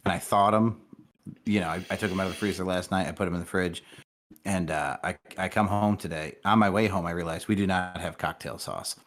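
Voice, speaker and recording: Deep-voiced profane podcast man. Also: fairly quick. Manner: profane, excitable storytelling. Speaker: podcast co-host. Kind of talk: casual podcast chat.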